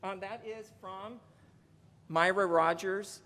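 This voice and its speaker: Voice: medium pitch, slow pace, fairly bright tone, a little hiss or hum. A union legislative presenter giving a chatty conference speech, reading out donor names and counting down. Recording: long reverb of a large hall.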